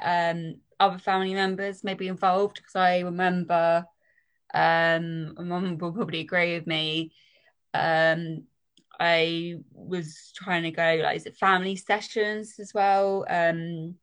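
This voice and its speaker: A woman's voice: lowish voice, a bit bright. A young woman sharing her own experience, hesitant, with many fillers and "like". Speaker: patient guest. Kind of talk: personal account.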